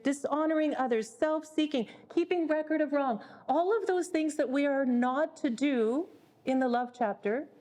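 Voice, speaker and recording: A woman's voice: sits high, warm tone. A woman leading a parenting workshop, speaking earnestly and repeating words as she thinks. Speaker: workshop leader.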